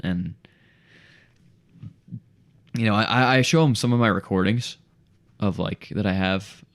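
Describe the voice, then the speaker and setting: Speaking a little slowly in a lowish voice, a young podcast co-host spins a casual story. He animates it by acting out quotes, and "dude" and "bro" come up constantly as he addresses his listener.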